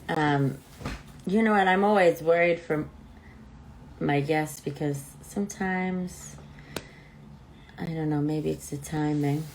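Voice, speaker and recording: A woman's voice: sits low, creaky, a little hiss or hum, rough recording. A woman hosting a live online talk show, chatting casually and thinking aloud while she waits for her guest, with allergies. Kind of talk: casual live-stream chat.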